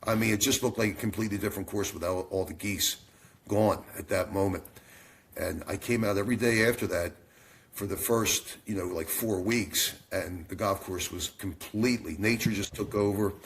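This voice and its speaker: Low-voiced man telling a lively story. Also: moderate pace. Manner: animated storyteller, acts out quoted dialogue. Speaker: company founder, podcast guest. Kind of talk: storytelling in a podcast interview.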